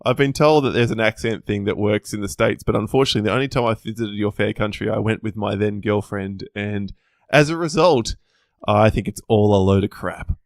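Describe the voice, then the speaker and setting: An Australian man with a fairly low voice, talking as a podcast guest. He chats casually with a cheeky, self-deprecating humor and laughs easily. The sound is dry and close, with no room behind it. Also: brisk, no echo. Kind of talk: casual chat.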